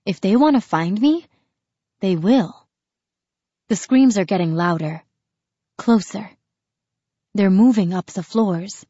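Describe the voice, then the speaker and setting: A woman's voice: medium pitch, takes it slowly, long pauses, warm tone, slightly rough, no room sound. Woman narrator, tense first-person audiobook read, dry close mic, slightly dull lo-fi sound. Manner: tense, dramatic storytelling.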